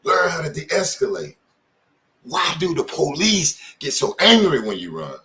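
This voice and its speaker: A man's voice: a little high, wildly swooping pitch, a little slow, a bit bright. A middle-aged man hosting his channel, giving casual commentary in informal street talk and firing off pointed questions. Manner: impassioned, asks many pointed questions. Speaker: channel host.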